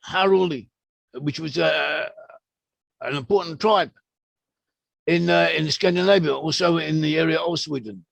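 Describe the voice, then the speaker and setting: High, gravelly-voiced man explaining at length. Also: no room sound. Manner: halting, frequent restarts and drawn-out fillers. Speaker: guest researcher explaining his views. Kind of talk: explanatory discussion.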